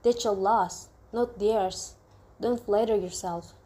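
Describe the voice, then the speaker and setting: A woman's voice: medium pitch, steady tone, slow pace, warm tone. A woman voicing a touchy young newlywed bride who keeps picking a quarrel, in an insistent, reproachful way.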